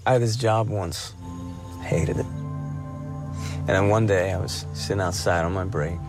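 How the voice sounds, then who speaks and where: An actor playing a quiet, reflective male bank robber in film dialogue, talking low and hushed. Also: a little slow. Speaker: film character. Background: loud gentle ambient music.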